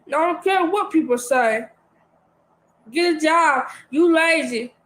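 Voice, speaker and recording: A woman's voice: sits high, a little slow, rough recording. A woman ranting on a livestream, defiant and repeating herself. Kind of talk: livestream rant.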